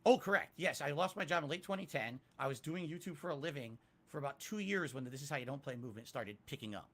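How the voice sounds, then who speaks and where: A man with a bright, forceful voice that sits a little high for his sex. He answers interview questions with candid self-criticism and climbs to loud, emphatic peaks. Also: expressive, fast talker. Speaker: interviewee, YouTuber.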